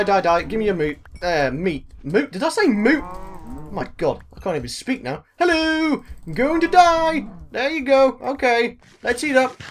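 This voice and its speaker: British guy doing let's play commentary, excitable, repeats stuff over and over, mild swearing. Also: sits high, a little hiss or hum. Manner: mild swearing, talks to himself. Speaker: gaming video host.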